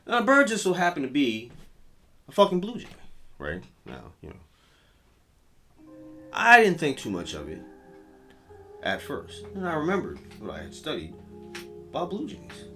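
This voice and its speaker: A man tells a profane, rambling comedic story with a wildly swinging, animated voice. He sounds set back from the microphone. Music plays behind him. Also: on the high side, moderate pace, pauses often, distant mic.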